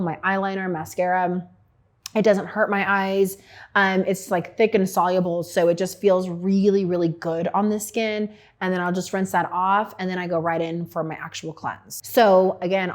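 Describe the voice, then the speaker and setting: A middle-aged woman, an esthetician, talking casually and frankly about her skincare routine, with plenty of fillers. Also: mid-range voice. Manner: chatty and frank, with lots of fillers.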